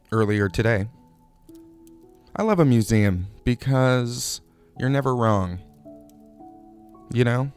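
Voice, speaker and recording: Male comedy host, lowish voice, deadpan absurd monologue, faint music underneath. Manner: absurd, drawling, playful asides.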